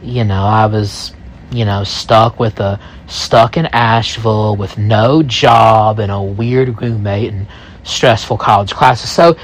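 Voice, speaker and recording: A man in his thirties telling a first-person story, rambling and halting, full of asides. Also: fairly low pitch, steady tone.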